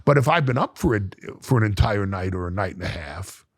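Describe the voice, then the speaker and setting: A man's voice: fairly low pitch, animated, brisk, dry recording, studio quality. A middle-aged man, a podcast guest, telling a story dramatically, repeating words and restarting as he acts out what people said. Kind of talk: animated storytelling in an interview. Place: podcast studio.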